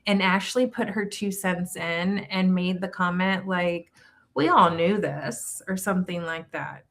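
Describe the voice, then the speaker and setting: A woman's voice: fairly low pitch, fairly even intonation, unhurried. A middle-aged woman co-hosting a podcast, recapping a reality show in casual, gossipy chat that trails off and restarts. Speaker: podcast co-host.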